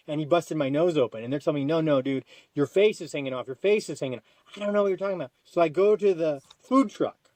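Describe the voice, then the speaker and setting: A man on a podcast tells a rambling personal story, restarting sentences and leaping up in pitch when he gets excited. His voice sits a bit high for a man. The sound is dry and close, with no room echo. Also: quick pace. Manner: animated, jumps to high excited quoted lines; frequent restarts and repetitions. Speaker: podcast guest. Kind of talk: casual storytelling.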